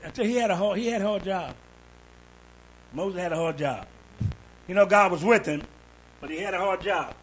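A man preaching a sermon in a church, calling out to the congregation and building up to shouts. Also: high-pitched, moderate pace, pauses often, slightly rough, low-quality recording. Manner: call-and-response preaching, rising to shouts.

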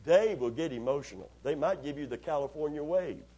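Folksy husky-voiced preacher man. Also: a little high, lively intonation, a little fast, warm tone. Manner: folksy, joking, repeats words. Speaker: pastor. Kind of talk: sermon.

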